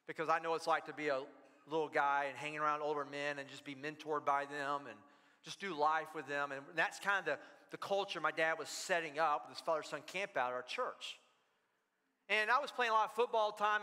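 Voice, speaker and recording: Guy preaching, high voice, animated storyteller, church hall echo trailing after him. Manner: animated, storytelling, repeats words when worked up. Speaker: pastor. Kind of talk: sermon. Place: church sanctuary. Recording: long reverb of a church hall.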